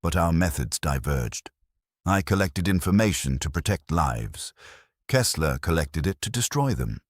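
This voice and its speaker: A man voicing a cool, guarded middle-aged spy with a faint German accent, measured and cryptic. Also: a bass voice, sing-song, slightly rough, dry recording, clean studio sound, exaggerated voice. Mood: grave.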